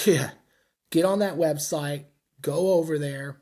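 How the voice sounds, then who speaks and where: With a fairly high, slightly mellow voice and a slow pace, a middle-aged American veteran shares war stories as a podcast guest. It's casual interview storytelling, rambling and blunt, full of profanity and self-mockery.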